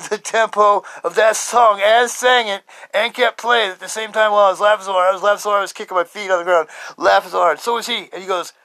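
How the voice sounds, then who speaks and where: A man in his fifties telling a story as a podcast host, casual and excitable, swearing and laughing often. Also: sits high, no echo. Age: 50s.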